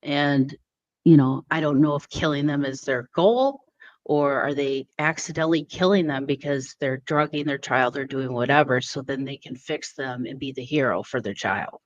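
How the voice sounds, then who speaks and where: A woman's voice: rumbling low, normal speed. A woman with a Minnesota accent, chatting as a radio guest over a remote call and laughing often. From Minnesota, USA. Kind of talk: casual chat on a remote call. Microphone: remote call mic. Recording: dull distant call audio.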